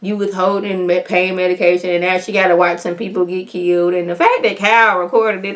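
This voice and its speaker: An animated woman talks through a TV episode in a loose, folksy way. She keeps jumping into the characters' lines, her voice shooting up high for the reactions. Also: fairly quick. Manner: folksy colloquial talk. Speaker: TV recap vlogger. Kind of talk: casual episode recap.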